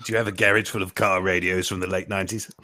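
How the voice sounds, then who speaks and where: Brief: deep-voiced sarcastic male panelist, bright timbre. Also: level tone, very fast, dry recording. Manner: sarcastic, teasing. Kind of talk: casual group chat.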